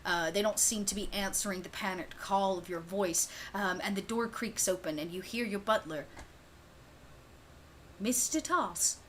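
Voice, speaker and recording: Bright-voiced woman game master. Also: medium pitch, normal speed, few pauses, slight background noise. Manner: lively, laughs often, many fillers. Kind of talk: narrating a tabletop game.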